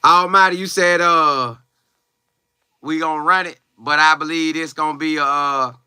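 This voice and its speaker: A man's voice: fairly high pitch, steady tone, normal speed, pushed and bright, smooth, no echo, studio quality. Young man chatting loosely on a livestream. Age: young adult. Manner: loose, slangy, chatty, with exclamations. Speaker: college football player livestreaming. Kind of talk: casual live chat, reading viewer comments aloud.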